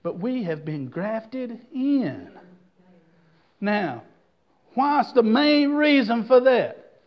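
Male pastor, very high voice, slow delivery, folksy sermon, dull lo-fi church tape. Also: very animated. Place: church service.

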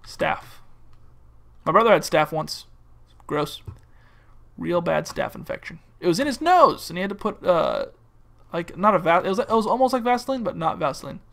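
A man's voice: sits high, sing-song, fairly quick, gravelly, fairly bright tone. A young man from California giving casual, rambling, joking commentary while playing a game. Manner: rambling, joking, silly bits and mock-wildlife-presenter asides. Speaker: gaming video host.

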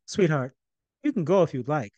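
A man's voice: a little high, animated, moderate pace, warm tone, no echo, highs cut off, natural voice. A man voicing a cool, exacting mother in a read-aloud novel, correcting her son's grammar.

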